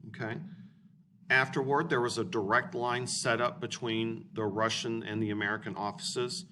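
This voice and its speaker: A man's voice: mid-range voice, steady tone, normal speed, sharp tone. A man in his forties lecturing as a history teacher, blunt and informal, often checking in with his students. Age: 40s. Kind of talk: recorded classroom lecture. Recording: distant mic with room noise.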